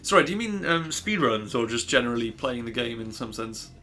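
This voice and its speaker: A man's voice: mid-range voice, animated, fairly quick, bright, forceful tone. A young man streaming a game, rambling and self-deprecating in casual commentary.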